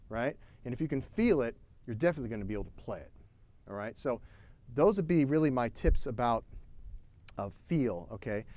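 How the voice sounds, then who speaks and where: A man giving a live-stream drum lesson, talking casually with lots of fillers and restarts, over a drum kit. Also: mid-range voice. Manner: relaxed, talkative, many fillers and restarts; counts aloud and scats rhythms over drumming. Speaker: drum teacher. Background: drums playing.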